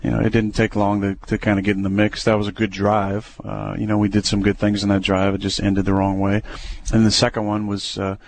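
A young adult man, a quarterback, talking through plays in a relaxed, hesitant way with many fillers and restarts. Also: lowish voice, brisk, vocal fry, slight background noise. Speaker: football quarterback. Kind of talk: casual radio interview.

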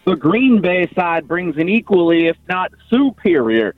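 A man's voice: mid-range voice, expressive, fairly quick, dry recording, lightly acted. A man playing a nerdy defense lawyer with a put-on Southern drawl, pleading in mock-formal courtroom style on the radio. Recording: dull radio sound, music faint behind.

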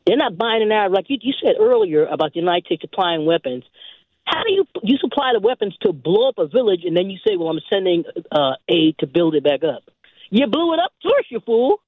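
Older male caller, forceful and lecturing, husky, dry phone-line sound. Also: sits high, lively intonation, quick pace, dry recording. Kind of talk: call-in talk radio.

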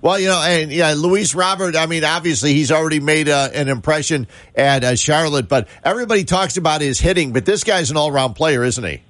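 A man's voice: fairly high pitch, a little fast, hardly any pauses, a bit bright, dry recording. A man in his fifties co-hosting a sports radio show, laid-back and wry. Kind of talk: casual radio chat.

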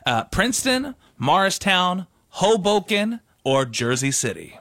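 A man co-hosting a radio show, chatting and reading out trivia questions with quick asides. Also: sits high, very animated, a bit bright, no room sound, studio quality. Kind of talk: radio studio banter.

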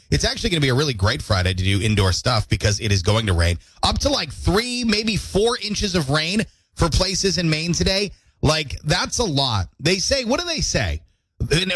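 A man hosting a morning radio show, chatty and jokey, his throat squeaky from allergies. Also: a bit bright, slightly rough, no echo. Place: radio studio.

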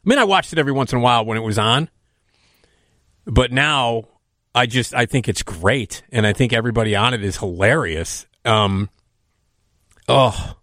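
Bright, enthusiastic radio host man. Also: mid-range voice, lively intonation, moderate pace, pauses often, no room sound, clean studio sound. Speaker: radio talk show host. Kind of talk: casual radio chat.

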